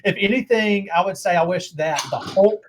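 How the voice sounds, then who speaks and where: A man's voice: high voice, moderate pace, slight background noise. A middle-aged man hosting a casual chat, talking with rambling enthusiasm about movies he loves. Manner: enthusiastic, rambling fan talk. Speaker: host.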